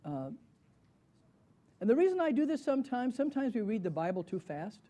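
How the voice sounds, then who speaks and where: A middle-aged man leads a Bible study lecture conversationally, posing questions to his students and answering them himself. His voice is extremely high, mellow and very animated, with a brisk pace.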